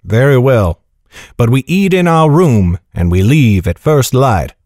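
A man voicing a grave, wise older knight who speaks in a measured, soft way. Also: mid-range voice, no echo, studio quality, lightly acted. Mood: grave, gentle. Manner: measured, calm, soft-spoken.

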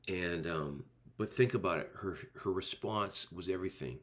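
A man's voice: low voice, moderate pace. A male pastor preaching a sermon in an earnest, emphatic way, driving points home with repeated rhetorical phrases.

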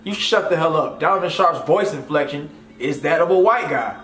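A man's voice: fairly high pitch, big pitch swings, fairly quick, few pauses, a bit bright. Blunt, scornful male commentary host. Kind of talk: casual opinion commentary. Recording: echoey room with faint music.

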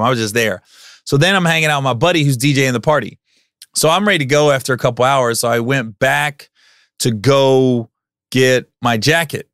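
A man in his forties hosting a podcast, telling a personal story in a casual, animated way and acting out what people said. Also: medium pitch, no room sound, studio quality. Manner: animated, acts out quotes in loud raised voices. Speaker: podcast host.

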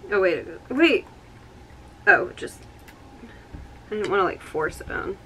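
A young woman in her twenties films an unboxing vlog at home, talking slowly in a bright, clear voice. She gushes with excitement and keeps exclaiming. Faint noise from outside carries in behind her. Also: mid-range voice. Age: 20s. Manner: gushing, breathless excitement with many exclamations. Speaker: vlogger. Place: home room with outdoor yard noise.

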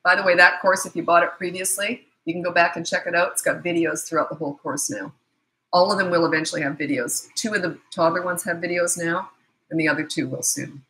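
A woman's voice: lowish voice, fairly even intonation, quick pace, pushed and bright, poor audio. A middle-aged woman parenting coach giving blunt, emphatic advice in a casual talk, acting out short exchanges between parents and children.

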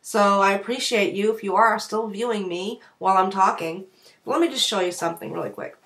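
A woman's voice: mid-range voice, fairly quick, fairly bright tone. A woman in her forties with a northern US accent and a light Southern drawl, chatting to camera in a rambling, talkative way as a direct sales beauty consultant. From northern United States. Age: 40s. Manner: chatty and rambling, wanders between points. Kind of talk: casual to-camera vlog chat.

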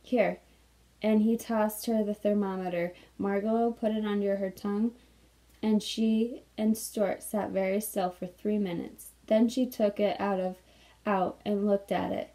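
A woman teacher reads a children's novel aloud, steady and unhurried. Her voice is mellow and soft-toned, pitched in a middle range. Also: rough recording.

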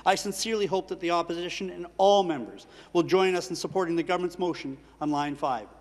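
A man answering as a minister in a legislature, delivering a rapid, formal prepared speech. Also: high voice, slight background noise. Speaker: associate minister of energy. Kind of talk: parliamentary answer. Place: legislative chamber. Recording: reverberant legislative chamber.

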